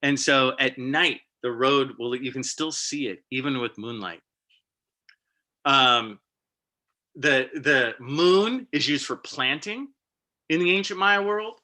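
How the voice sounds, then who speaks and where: Brief: middle-aged male presenter, very bright voice, lively and emotional storyteller. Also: mid-range voice, takes it slowly. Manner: animated, emotional storyteller with vivid sound effects. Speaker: guest speaker.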